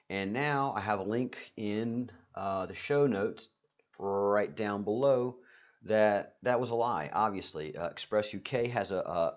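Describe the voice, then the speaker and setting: A lower-voiced man hosts a casual live-stream monologue, stumbling through fillers and restarts as he rambles. He slips into sarcastic, excitable asides now and then. The sound is dull and lo-fi.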